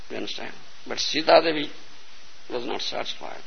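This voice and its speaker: A man's voice: medium pitch, a little fast, vocal fry, lo-fi sound, a little hiss or hum. A man giving a storytelling sermon, often checking whether listeners understand. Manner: storytelling lecture, repeatedly asking "You understand?". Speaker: spiritual teacher.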